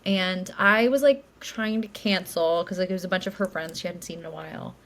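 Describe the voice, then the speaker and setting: Speaking a little fast in a lowish, slightly bright voice with a steady tone, a late-twenties woman co-hosting a podcast tells a story during casual chat. She's chatty and rambling, a self-described yapper, full of likes and ums.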